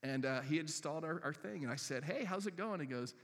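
Man, sermon, high-pitched, bright and forceful, acts out his thoughts, church hall echo. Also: quick pace, few pauses. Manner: animated storytelling, acts out his own inner voice. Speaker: pastor. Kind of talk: sermon with personal story.

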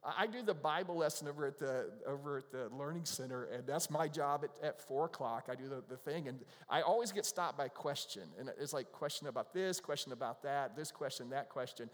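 A man's voice: medium pitch, brisk, few pauses. A middle-aged male pastor giving a casual, conversational sermon, often acting out the voices of people in the scriptures. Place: church. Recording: long reverb of a church hall.

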